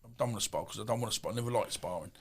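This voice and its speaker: A man in his fifties with an Essex accent, telling stories as a podcast guest in a rambling, animated way with many asides. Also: fairly low pitch, racing, husky. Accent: Essex English. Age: 50s. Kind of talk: casual storytelling.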